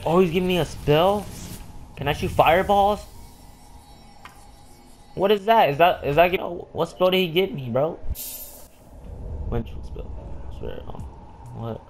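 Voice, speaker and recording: A man giving casual gameplay commentary, excitable and slangy, talking back to the game's characters. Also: sits high, unhurried, pauses often. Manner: excitable, talks to the game characters, says "bro" constantly. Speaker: gamer. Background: game music.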